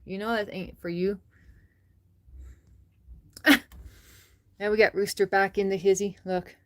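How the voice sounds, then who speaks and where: A woman hosting a casual livestream, chatting with viewers, reading their comments and laughing often. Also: medium pitch. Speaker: livestream host.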